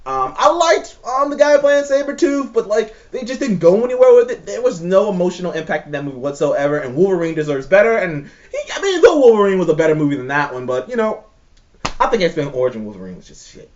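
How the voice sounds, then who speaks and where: A man's voice: high-pitched, big pitch swings, fast. A man ranting in casual chat, profane, exasperated and emphatic. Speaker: show co-host ranking movies. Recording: slightly dull lo-fi recording.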